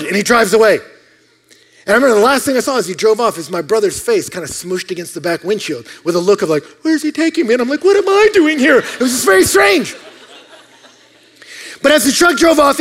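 A pastor giving a sermon, an animated storyteller who swings from loud outbursts to hushed asides. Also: male voice, high voice.

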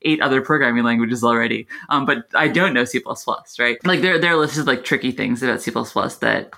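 A woman's voice: rumbling low, fairly quick, gravelly. Laughing woman guest, full of fillers. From Canada. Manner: hesitant, fillers, laughing, animated. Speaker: guest, infrastructure engineer. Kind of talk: casual interview chat.

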